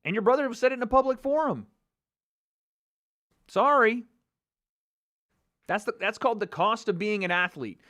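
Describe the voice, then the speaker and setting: A man's voice: high-pitched, moderate pace, pauses often, a bit bright, no echo, clean studio sound. A man hosting a live MMA talk stream, commenting casually with mocking, profane banter and frequent laughter. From United States.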